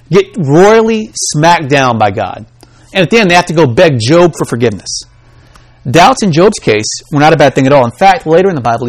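A man preaching a sermon in an animated way, acting out the voices he quotes. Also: fairly high pitch.

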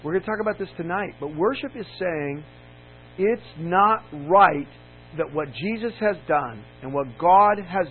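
A man's voice: high voice, animated, moderate pace, few pauses. A man preaching a sermon as a campus minister, candid and storytelling, building to emphatic peaks. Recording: tinny lo-fi sound with faint mains hum.

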